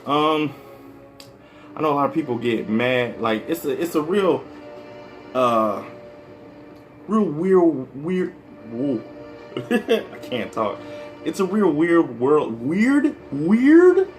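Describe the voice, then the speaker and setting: Comedian from the Midwest, male, loose rambling monologue, profane and chatty, voice pitched a bit high, faint music underneath. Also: expressive, slow, long pauses. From American Midwest. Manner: rambling, profane, full of "like" and "you know". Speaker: stand-up comedian. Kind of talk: casual vlog monologue.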